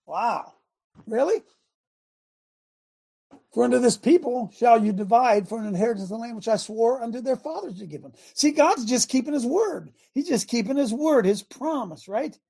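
Male radio host, fiery preacher, high husky voice. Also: moderate pace, darkish tone. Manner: fervent, preachy, sarcastic. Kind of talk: preaching on a talk show.

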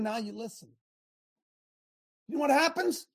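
A man hosting a faith talk show, exhorting his audience like a coach, with shouted bursts, laughs and repeated phrases. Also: very high voice, lively intonation, moderate pace, long pauses.

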